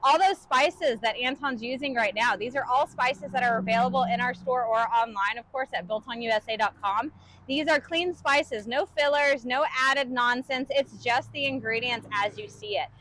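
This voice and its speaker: A high-pitched woman keeps a cheerful, chatty flow as she co-hosts a live cooking stream. She talks casually to viewers and reads their comments aloud. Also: moderate pace, a bit bright, slight background noise, low-quality recording. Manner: chatty, upbeat, often laughing and reading viewer comments.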